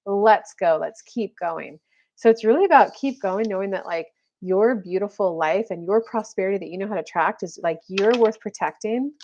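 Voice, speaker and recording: A woman's voice: mid-range voice, fairly quick, hardly any pauses, darkish tone, highs cut off. A woman giving a casual, chatty live-stream card reading as a spiritual coach, full of fillers and little acted-out quotes.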